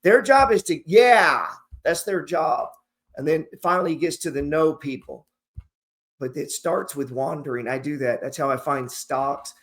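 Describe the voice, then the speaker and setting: A man's voice: a little high, measured pace, fairly bright tone. A man hosting an investing channel, talking casually and motivationally to camera in a rambling, profane, slangy storytelling way.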